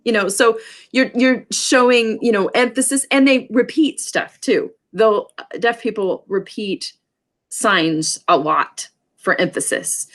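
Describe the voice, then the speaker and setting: Casting note: woman, mid-pitch, chatty sign language teacher, rambling with fillers, online class. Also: lively intonation, unhurried. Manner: rambling, many fillers and restarts. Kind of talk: casual online class lecture.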